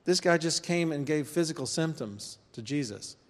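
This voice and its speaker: A man teaching an informal church course, talking conversationally with pauses and reading scripture aloud. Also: a little high, animated. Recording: long hall reverb.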